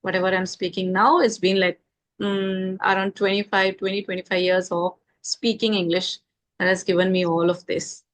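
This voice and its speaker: A woman in her thirties from India with an Indian accent, a confident and measured guest giving her views in a casual conversation about speaking English. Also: medium pitch, little pitch movement. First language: Indian mother tongue.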